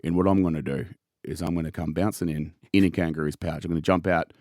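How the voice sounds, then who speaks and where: A man doing a gruff outback larrikin. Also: low voice, fairly even intonation, quick pace, a little mellow, dry recording, studio quality, voice pushed down, lightly acted. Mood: swaggering. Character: brash outback larrikin man pitching a scene.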